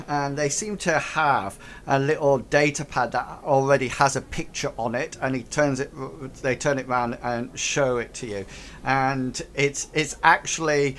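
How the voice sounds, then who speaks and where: Bright-voiced hesitant game master. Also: mid-range voice, fairly even intonation, measured pace, slight background noise. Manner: hesitant, full of fillers. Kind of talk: narrating a tabletop game.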